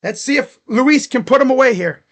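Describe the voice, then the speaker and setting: A man calling a ball game live as a fan from his room at home, excitable, chatting to viewers and shouting at the players. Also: extremely high pitch, moderate pace. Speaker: fan streamer calling play-by-play. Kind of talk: live fan reaction and play-by-play. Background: dogs barking.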